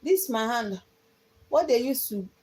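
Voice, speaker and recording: A woman's voice: fairly high pitch, expressive, a little slow, a little mellow, low-quality recording. A young woman earnestly telling her life story to viewers on a phone livestream, often repeating herself. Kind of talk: casual personal storytelling on a livestream.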